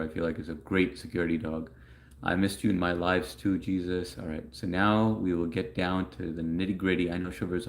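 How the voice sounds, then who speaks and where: A man with a notably deep, low-pitched voice hosts a casual livestream. He chats loosely and rambles, reading viewers' messages aloud and answering them as he goes. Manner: rambling, chatty, reads chat messages aloud. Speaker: livestream host answering chat.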